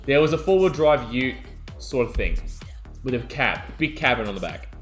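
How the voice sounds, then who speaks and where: A young adult man, co-hosting a podcast and telling a wild story in excitable casual chat. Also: medium pitch, moderate pace, faint music behind. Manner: animated, excitable storytelling, yelling out quoted lines. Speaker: podcast co-host.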